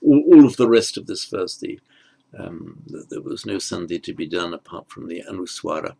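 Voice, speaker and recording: A man teaching Sanskrit grammar in an online lesson, explaining slowly and carefully and correcting himself as he goes. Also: sits low, animated, vocal fry, mellow.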